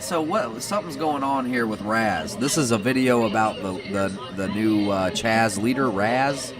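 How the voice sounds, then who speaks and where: A man's voice: lowish voice, a little slow, far from the mic, over music. A man hosting a live stream in casual commentary, chatting and reading viewer messages aloud with a self-mocking manner.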